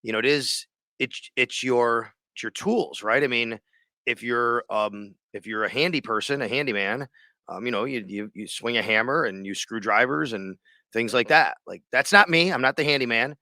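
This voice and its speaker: A man co-hosting a sports podcast, chatting in a loose, rambling way. His voice is bright and forward, at an ordinary pitch. The sound is dry and close. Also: normal speed, dry recording. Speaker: sports radio and podcast host. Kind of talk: casual sports podcast chat.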